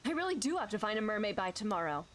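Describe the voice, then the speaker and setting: A man's voice: high-pitched, big pitch swings, very fast, a bit bright, voice pushed down. Woman reading as an earnest young man. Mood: sincere.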